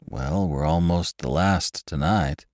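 A man voicing a sheepish husband, speaking slowly. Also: rumbling low, sing-song, creaky, a little mellow, no echo, clean studio sound, pitched below the performer's own voice, exaggerated voice. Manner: sheepish, slow. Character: sheepish tired husband at a party.

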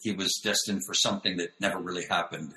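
Over a video call interview, a director and choreographer tells animated stories, acting out the voices of the people he quotes. His voice sits low and his pace is quick, and the low-quality recording sounds roomy.

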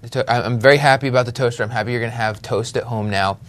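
A man's voice: medium pitch, steady tone, racing. A man co-hosting a casual finance podcast. He banters easily and jumps between jokes and market talk, restarting his sentences as he goes. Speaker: podcast co-host. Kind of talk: casual chat.

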